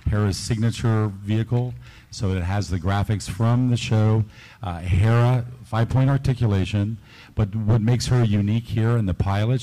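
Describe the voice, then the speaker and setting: In a low-quality recording, a man with a mellow voice presents new toys at a convention panel. He's a toy designer giving an enthusiastic product pitch full of fillers.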